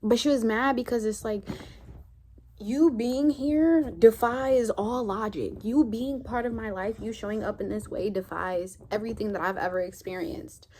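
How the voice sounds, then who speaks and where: Speaking to camera with a medium-pitched, dark voice at a measured pace, this woman shares heartfelt, candid reflections as a spiritual vlogger. She rambles conversationally with her viewers, and slight background noise is audible.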